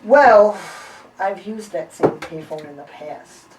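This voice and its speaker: A woman playing a rambling, scheming female informant who tells long stories in a deadpan way. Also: mid-range voice, takes it slowly, rough recording. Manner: long-winded, deadpan storytelling.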